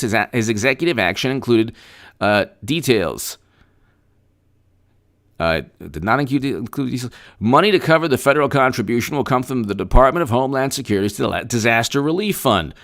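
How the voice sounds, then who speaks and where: This is a man hosting a live political commentary show. He reads the news, then drifts into sarcastic, rambling asides full of restarts. His voice is bright and pushes forward with force. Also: mid-range voice. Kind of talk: live-streamed political commentary, reading news and thanking chat.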